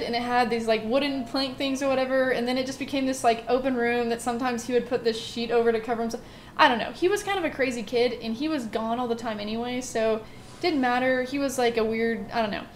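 A woman with a fairly high voice tells a ghost story in a loose, rambling chat, leaning on filler words and backing up to restart her sentences. She speaks into a close desk mic over a game, with a faint hum of noise behind her. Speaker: gaming channel host. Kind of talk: casual spoken ghost story.

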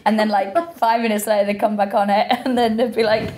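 Sardonic woman podcast co-host, sweary, blunt, mid-pitched. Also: little pitch movement, fast, darkish tone, slight background noise. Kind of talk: casual comedic chat.

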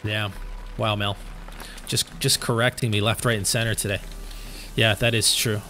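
A man's voice: lowish voice, flat delivery, normal speed, pushed and bright, slight background noise. A man streaming live gameplay, chatting casually and answering his viewers' questions while sounding tired. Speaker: game streamer.

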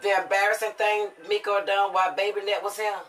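A woman, a mother, telling family stories to viewers in a casual, animated way and acting out the quotes with feeling. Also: medium pitch, a little fast, distant mic, low-quality recording.

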